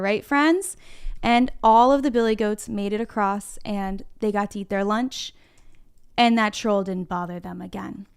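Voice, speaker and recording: High, clear-voiced kindergarten teacher. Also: female voice. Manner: encouraging, talks straight to the children. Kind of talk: online reading lesson for young children. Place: classroom.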